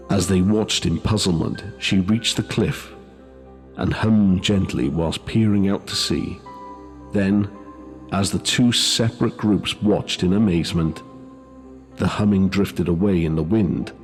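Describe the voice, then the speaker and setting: Guy reading a spooky ghost tale, low voice, slow and measured, soft music underneath. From Wales. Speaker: host and narrator. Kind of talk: scripted ghost story narration.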